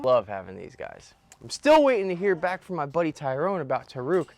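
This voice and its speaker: A man's voice: on the high side, huge pitch swings, a little fast, hardly any pauses, slight background noise. A young man vlogging outdoors on rural land in a laid-back, slangy way while he builds, talking into a handheld camera. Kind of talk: casual vlog narration. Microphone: handheld camera mic.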